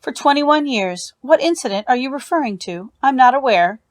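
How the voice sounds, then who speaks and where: A woman reading the lines of a guarded female high school English teacher who gives short, wary answers. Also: expressive, normal speed.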